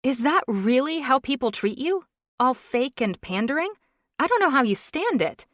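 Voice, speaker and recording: An excitable pregnant young woman, her voice pitched well above the reader's own and pushed loud and emphatic in exasperated bursts, as a woman narrator puts her on. The audiobook recording is close and dry, with no room sound. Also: dry recording. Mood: amazed. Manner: exasperated, rapid outbursts. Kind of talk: audiobook character reading.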